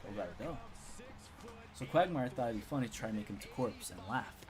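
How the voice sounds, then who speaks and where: A man's voice: medium pitch, quick pace, over music. Rambling young man telling a story. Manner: rambling, chuckling, lots of "you know" and repeats. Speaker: streamer. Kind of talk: casual storytelling on a live stream.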